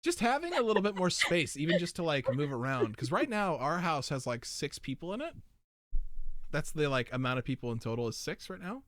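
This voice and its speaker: A man's voice: on the high side, sing-song, brisk, a bit bright, no echo. A man hosting a casual podcast chat, rambling animatedly through tangents in a soundproofed home studio. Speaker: podcast host.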